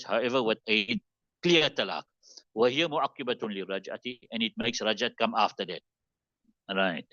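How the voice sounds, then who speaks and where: A man teaching Islamic law in a classroom lesson. He reads Arabic passages quickly, explains them slowly in English, and keeps asking if the class understands. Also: lowish voice, pushed and bright, dry recording, highs cut off. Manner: explains text line by line, asks "you understand it?" often.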